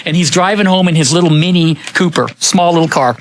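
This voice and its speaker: A male radio co-host telling lively stories and greeting callers, laughing while he talks into a studio microphone. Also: on the high side, a little fast, slight background noise. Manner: animated storyteller, laughs while talking. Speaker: radio talk show co-host. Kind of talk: casual radio chat.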